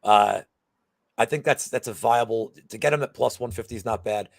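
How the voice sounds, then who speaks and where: A man's voice: mid-range voice, moderate pace, vocal fry, no room sound. A man co-hosting a betting show in casual chat, rambling with lots of fillers and restarts.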